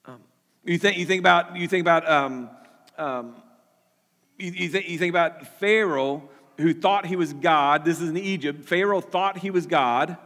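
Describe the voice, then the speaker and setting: A man's voice: on the high side, moderate pace, a bit bright, big-room sound. A man preaching a sermon as pastor, earnest, often repeating words and restarting his sentences.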